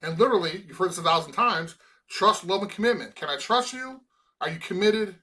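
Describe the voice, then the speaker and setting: Earnest, bright-voiced man, halting restarts. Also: high voice, expressive. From Chicago, USA. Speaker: guest, former college football player. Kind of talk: emotional interview conversation.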